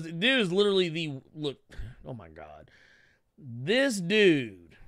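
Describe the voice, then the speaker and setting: Animated, swearing male podcast co-host. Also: sits high, dry recording, clean studio sound. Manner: animated, swearing, laughing, mocking voices. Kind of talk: profane casual commentary.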